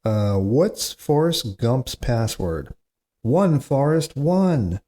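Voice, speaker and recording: A man hosts a one-man comedy podcast and reels off terrible jokes. His voice is mellow and dark, and it swoops around a lot between the punchlines. He mocks himself along the way, complaining about his own material. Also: mid-range voice, very animated, very slow. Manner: self-mocking, groans at his own bad jokes, chatty asides. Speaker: podcast host. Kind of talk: solo comedy podcast, reading corny jokes.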